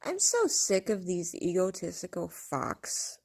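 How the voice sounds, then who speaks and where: A woman's voice: lowish voice, very animated, a little slow, a little mellow. A woman vlogger ranting casually to camera, blunt and profane, rambling and laughing often.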